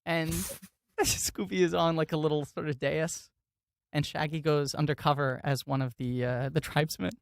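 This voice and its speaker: A man's voice: fairly high pitch, steady tone, moderate pace, gravelly, no echo. A man co-hosting a podcast, telling a story in a wry, self-mocking way. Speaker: podcast co-host. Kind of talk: casual chat.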